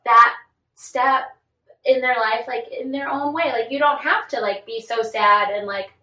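A woman's voice: a little high, measured pace, pushed and bright. Chatty woman gossiping in an echoey room. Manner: chatty, many "like" fillers. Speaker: podcast co-host. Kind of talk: casual celebrity gossip chat. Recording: echoey room, far from mic.

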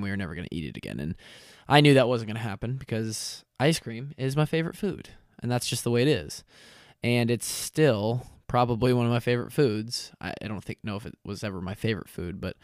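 A young man hosting his own podcast in casual chat, tired and lightheaded from fasting, rambling and correcting himself with lots of fillers. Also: medium pitch, clear, resonant tone, no echo, clean studio sound. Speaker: podcast host. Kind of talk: casual solo podcast talk.

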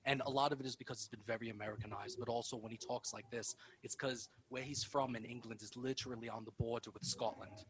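A man hosting a casual podcast, talking quickly at a mid pitch. He rambles, piles up fillers and drops swear words without a second thought. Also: fairly even intonation, a crowd in the background, poor audio. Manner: fast, rambling, swears casually, dips into mock accents. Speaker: podcast host. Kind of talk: casual chat.

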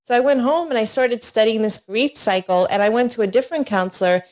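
Middle-aged woman, candid storytelling, animated, slightly high pitch, laughs often. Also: fairly quick. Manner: animated, laughs often, acts out quoted voices. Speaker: guest, divorce coach.

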